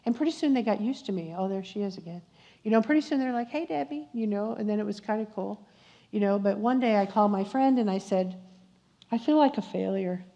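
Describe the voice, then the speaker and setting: A woman's voice: mid-range voice, mellow. An older woman tells a personal faith story at a church luncheon, acting out the dialogue with asides to the audience. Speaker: guest speaker at a church luncheon. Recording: muffled recording in a reverberant church hall.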